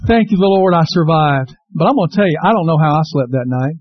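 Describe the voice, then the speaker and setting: High-voiced lively preacher man. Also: fast, dry recording, muffled recording. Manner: lively storytelling preacher, acts out quotes in raised voice. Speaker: pastor. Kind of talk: sermon.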